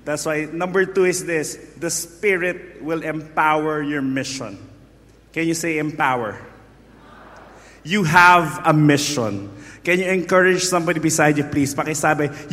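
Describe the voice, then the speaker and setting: A husky-voiced man with a Filipino accent preaching a live sermon, bantering playfully with his congregation. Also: a little high, fairly bright tone. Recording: echoey hall.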